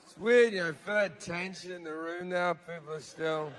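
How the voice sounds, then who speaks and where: A man's voice: sits high, fairly even intonation, normal speed, a crowd in the background, noisy background. A man performing a stand-up comedy routine live, crude and sardonic, swearing often and acting out characters. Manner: crude, swearing, sardonic storytelling with acted-out voices. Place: live venue with audience.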